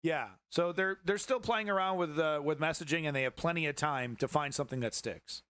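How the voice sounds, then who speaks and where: Guy ranting about politics on his stream, bright voice, lots of swearing and restarts, dry sound. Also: fairly high pitch, brisk, clean tone, dry recording. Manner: rambling, profane, frequent restarts and fillers. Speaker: livestream news show host. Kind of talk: casual political commentary.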